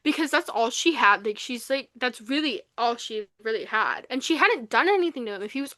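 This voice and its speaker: A young woman co-hosting a podcast, recapping a novel in casual chat, animated and full of fillers, acting out the lines she quotes. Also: fairly high pitch, a little fast, no echo. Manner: animated retelling, acts out quotes, many fillers. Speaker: podcast co-host. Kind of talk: casual book review chat.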